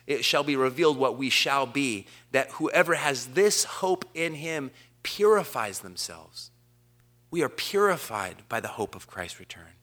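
A man preaching a sermon, quoting scripture in a measured cadence and building to slowed, emphatic declarations. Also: medium pitch, bright, forceful tone. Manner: impassioned preaching. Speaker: pastor.

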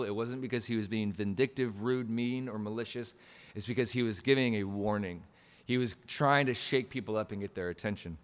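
A man's voice: medium pitch, fairly bright tone, in a large hall. A male pastor preaching a sermon, emphatic, pushing key phrases up and restarting mid-sentence.

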